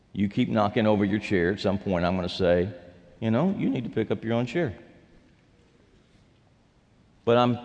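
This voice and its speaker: A man preaching a sermon as pastor, swinging between loud calls and quiet, low asides. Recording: long hall reverb.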